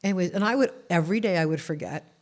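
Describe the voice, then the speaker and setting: A woman from Canada, talking in a casual interview as an author and guest, telling animated stories and acting out the voices of the people in them. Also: on the low side, rapid-fire. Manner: animated storyteller who acts out quoted voices.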